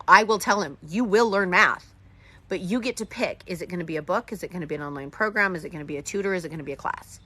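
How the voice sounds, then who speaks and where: Bright, animated woman hosting a live chat. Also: fairly low pitch. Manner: animated, talks in quick bursts and acts out dialogue. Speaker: host of a live homeschooling session. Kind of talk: live-stream chat answering viewer comments.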